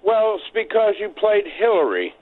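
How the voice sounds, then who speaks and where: A man's voice: sits high, big pitch swings, moderate pace. A man from Maryland calling in to a radio talk show, telling his story in a rambling, hesitant way with lots of fillers. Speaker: caller. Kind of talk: phone-in call to a talk show. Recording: tinny phone line.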